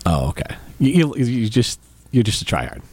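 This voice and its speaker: A man's voice: medium pitch, very animated, moderate pace, a little mellow, dry recording. A man hosting a sports radio show, chatting casually, teasing and rambling in studio banter. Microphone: studio microphone.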